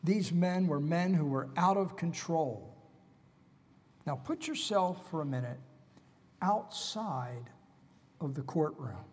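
A man's voice: fairly high pitch, expressive, slow, pauses often, a little mellow, husky, big-room sound. A man preaching an expository sermon, retelling scripture with dramatic, emphatic storytelling.

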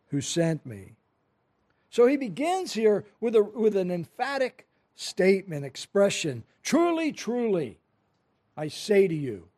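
A man's voice: fairly high pitch, mellow. A man preaching a sermon, earnestly and emphatically explaining a scripture passage to his congregation. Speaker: pastor.

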